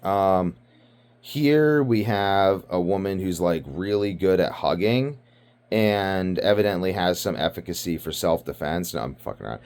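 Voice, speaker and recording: A man's voice: deep voice, lively intonation, a little slow, a little mellow. A man from Britain giving rambling casual commentary, ranting and profane, full of fillers. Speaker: video commentator.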